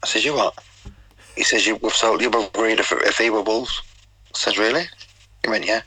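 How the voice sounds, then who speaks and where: A man's voice: on the low side, steady tone, fast, sharp tone, breathy edge, no echo, poor audio. A middle-aged man with a Geordie accent, a former footballer telling rambling stories in an interview, full of quoted dialogue and restarts. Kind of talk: casual interview storytelling.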